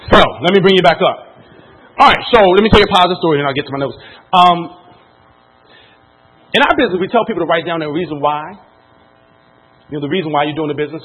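A man giving a motivational talk to an audience, telling his story with lively ups and downs in loudness. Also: a little high, breathy edge. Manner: animated storytelling, jumps from quiet to loud. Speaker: motivational speaker. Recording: lo-fi, phone-like sound.

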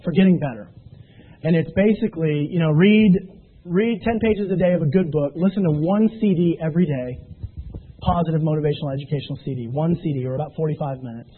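Casting: motivational trainer, man, high-pitched and husky, animated storyteller, tinny phone-line sound. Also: fairly quick, a little hiss or hum. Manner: animated storytelling with emphatic rising peaks. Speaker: business trainer.

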